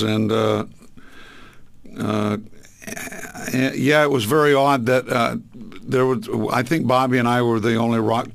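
An older man with a gravelly, fry-edged voice tells old stories in a loose, rambling way, stopping often on fillers and restarts. He sounds relaxed, like a guest in a long interview. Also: on the low side. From Southern California. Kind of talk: relaxed reminiscing.

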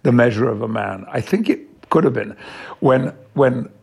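Gravelly older Englishman, husky. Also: medium pitch. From England. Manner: measured, warmly emphatic, slows on key words. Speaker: guest, actor. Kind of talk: reflective interview answers.

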